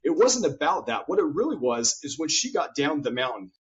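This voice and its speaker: In a muffled, lo-fi recording with a dulled top end, a guest author talks earnestly during an interview conversation. His husky, slightly breathy voice sits fairly high, swings widely in pitch and moves briskly, and he builds his points through stories, often doubling up on words.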